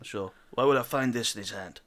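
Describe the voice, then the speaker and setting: A man playing a hot-tempered, hard-boiled male police detective, talking in a gruff, theatrical noir drawl. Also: medium pitch, brisk, fairly bright tone, voice pushed down, natural voice.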